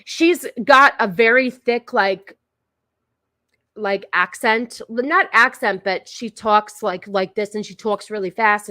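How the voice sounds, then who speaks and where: A woman's voice: medium pitch, pushed and bright, dry recording, studio quality. Chatty rambling woman streamer. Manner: chatty, rambling, many fillers and restarts. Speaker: streamer host. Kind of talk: casual live-stream commentary.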